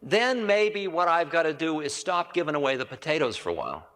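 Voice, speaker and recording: A man's voice: a little high, sing-song, a little fast, fairly bright tone. A man giving a spiritual storytelling lecture in a rambling, conversational way, correcting himself and adding asides. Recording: reverberant 1980 hall recording.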